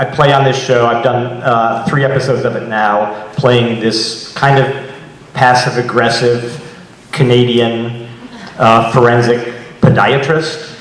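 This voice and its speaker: A man chatting as an interviewed actor, lively and laughing, often restarting his sentences. His voice is of middle pitch and sounds distant from the mic. The room is very echoey. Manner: animated, laughing storyteller with many restarts. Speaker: actor and guest. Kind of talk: casual chat.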